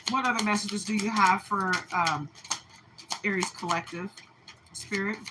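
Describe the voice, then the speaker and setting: A woman's voice: medium pitch, measured pace, background noise. A woman doing a casual, playful tarot reading at home. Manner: animated, playful, sings and laughs. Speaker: tarot reader. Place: home with dogs.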